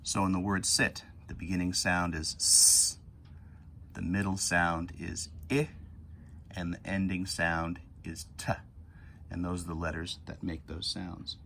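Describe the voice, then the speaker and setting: A low-voiced male teacher leads young children through a phonics lesson, speaking patiently and drawing words out slowly to sound out every letter. His tone is level, with vocal fry and a pushed, bright quality, and faint background noise can be heard.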